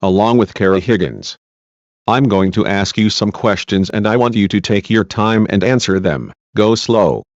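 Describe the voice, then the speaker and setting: A man reading a male defense lawyer's questions, measured and reassuring, in a dull lo-fi recording. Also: lowish voice, no echo, close to an everyday voice. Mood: courteous. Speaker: cross-examining lawyer.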